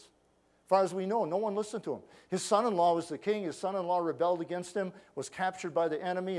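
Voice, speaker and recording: High-voiced preacher telling stories. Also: male voice. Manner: storytelling preacher, acts out quoted voices, drops to quiet asides. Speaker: pastor. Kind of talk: sermon.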